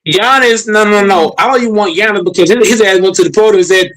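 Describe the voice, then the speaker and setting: A young man chatting casually about basketball, animated and profane, laughing as he trash-talks. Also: sits high, quick pace, poor audio. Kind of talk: casual sports banter.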